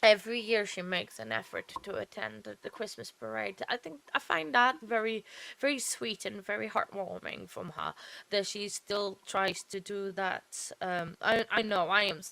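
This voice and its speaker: A woman's voice: medium pitch, expressive, moderate pace, gravelly, bright, forceful tone. A woman hosting a late-night true-crime trial-watch livestream, tired and yawning, chatting casually in a rambling way with many fillers and self-corrections. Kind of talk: casual live commentary.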